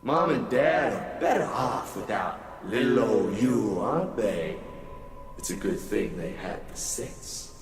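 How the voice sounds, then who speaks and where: A man's voice: lowish voice, animated, takes it slowly. A man voicing a jeering male monster, mocking and scornful. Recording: echoey hall with music.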